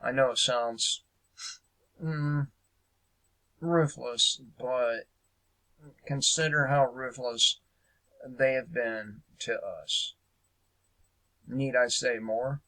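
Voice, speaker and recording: A man talks through the news in a loose, unscripted rant, stalling on fillers and dropping into sarcasm. His voice has a gravelly fry to it, and he takes his time. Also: mid-range voice, fairly even intonation, very slow, long pauses, pushed and bright, low-quality recording. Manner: hesitant and sarcastic, many fillers. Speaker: political commentary host. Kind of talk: casual political rant.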